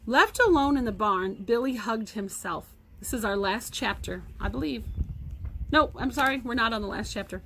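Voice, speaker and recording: Teacher lady reading a chapter book out loud, kinda high voice, stops to chat with the class. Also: moderate pace. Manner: expressive read-aloud with asides to the class.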